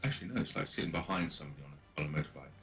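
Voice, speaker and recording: Very deep, husky man. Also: expressive, rapid-fire, a bit bright, soft background music. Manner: dry, sarcastic, grumbling. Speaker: co-player on voice chat. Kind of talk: casual chat while gaming.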